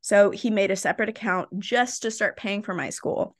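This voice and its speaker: A woman's voice: medium pitch, moderate pace. A young adult woman, a podcast guest, telling her own story candidly and tagging her points with "right?" and "like". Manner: animated, tags points with "right?" and "like".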